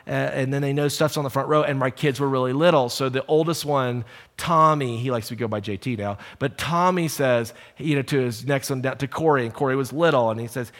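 Middle-aged guy preaching in church, chatty stories then quiet earnest prayer, ordinary pitch. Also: fairly quick. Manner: storytelling, animated in anecdotes, hushed and earnest in prayer. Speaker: pastor. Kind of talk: sermon. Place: church auditorium.

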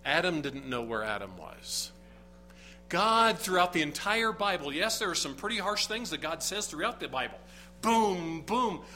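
A man's voice: a little high, sing-song, moderate pace, bright, forceful tone, a little hiss or hum, rough recording. A man preaching a sermon, earnest and emphatic, often building to rising bursts of emphasis. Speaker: pastor.

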